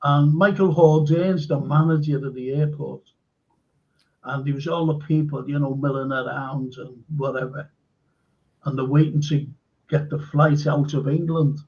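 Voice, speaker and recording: A man's voice: a little high, fairly even intonation, moderate pace, a little mellow, lo-fi sound. A man hosting a live-stream chat, telling stories enthusiastically with lots of fillers. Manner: rambling, enthusiastic storytelling with many fillers. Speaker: host.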